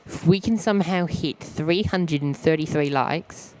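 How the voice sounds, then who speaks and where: Aussie male host for a casual outdoor live stream; relaxed, halting, repeats himself. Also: fairly high pitch. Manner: easygoing, halting, repeats words. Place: outdoors at an airport.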